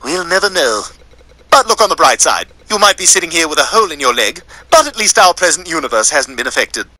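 A fussy know-it-all time traveler from a cartoon, lecturing in a precise, high voice. He talks fast and sounds very bright and sharp. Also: sing-song, dry recording, full character voice, low-quality recording.

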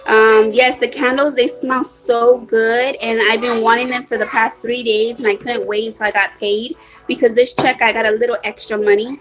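A vlogger with a slightly high voice and level tone chats at normal speed on a home live stream from a hot room. She's apologetic and rambling, with lots of ums and restarts, and the phone or webcam recording sounds rough.

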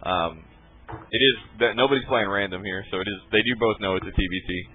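A man's voice: on the low side, fairly quick. Laid-back male game caster, tinny audio. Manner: laid-back, laughs often, swears casually. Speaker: esports caster. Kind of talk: casual live game commentary. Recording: tinny phone-like stream audio.

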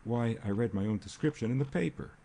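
A man's voice: mid-range voice, vocal fry, dark tone, a little hiss or hum, voice pushed up, natural voice. A man reading a jittery little chauffeur. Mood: uneasy. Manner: uneasy, halting, dogged. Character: nervous working-class male chauffeur. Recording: faint rain ambience behind.

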